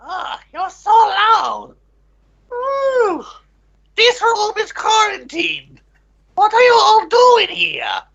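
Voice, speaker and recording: A scheming cartoon mad scientist, gravelly and whiny, voiced by a woman. The voice sits very high and swings wildly. It comes through muffled lo-fi call audio. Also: very animated, takes it slowly, pushed and bright, exaggerated voice.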